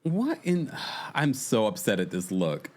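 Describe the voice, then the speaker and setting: A man's voice: mid-range voice, a little slow. A man hosting a casual reality TV recap, exasperated and chatty, reacting to his viewers. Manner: exasperated, animated, chatty, talks to the chat. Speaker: podcast host.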